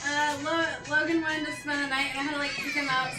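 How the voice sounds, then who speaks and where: Animated woman telling a story, far from the mic. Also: high voice, brisk, music in the background. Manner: animated, acts out others' lines. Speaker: streamer's wife. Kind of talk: casual storytelling chat. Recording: distant roomy mic with noise.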